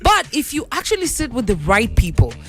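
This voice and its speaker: A man's voice: very high voice, fairly quick, faint music behind. A Kenyan man hosting a radio show, joking and bantering in a casual studio chat. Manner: playful, joking, animated. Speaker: radio host. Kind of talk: casual studio banter mixing English and Sheng.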